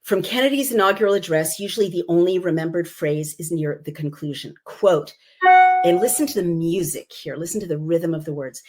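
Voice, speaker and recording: Lowish-voiced woman reading her essay aloud. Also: brisk, darkish tone. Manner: enthusiastic asides with many fillers. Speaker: political commentator, former consultant.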